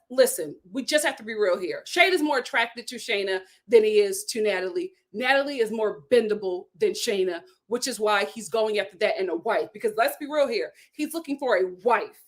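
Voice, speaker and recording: A woman's voice: mid-range voice, fairly bright tone. A woman hosting a vlog, giving blunt, sassy commentary while recapping a reality show. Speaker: vlog host.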